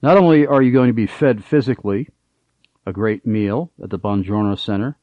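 A man's voice: lowish voice, normal speed, no room sound, phone-quality sound. A middle-aged man hosting a Christian radio talk show, speaking earnestly with many fillers.

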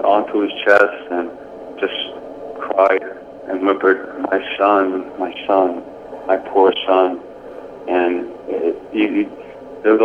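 Earnest man telling a story over muffled radio. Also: on the low side. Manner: earnest, reflective, halting with many fillers. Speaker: interview guest, former police sergeant. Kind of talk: personal storytelling in a radio interview. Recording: muffled radio audio with steady background noise.

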